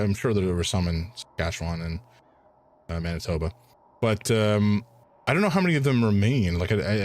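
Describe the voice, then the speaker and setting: Speaking in a low voice, a gaming streamer from Canada commentates his live playthrough. He wanders from thought to thought in a chatty style, often laughing and dropping plenty of fillers.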